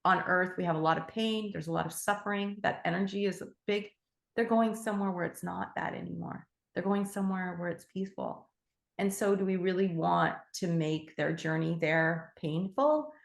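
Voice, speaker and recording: A woman teaching animal Reiki in a gentle, heartfelt way, with fillers and restarts. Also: fairly low pitch, fairly even intonation, moderate pace, creaky, reverberant. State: emotional. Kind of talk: casual spoken teaching.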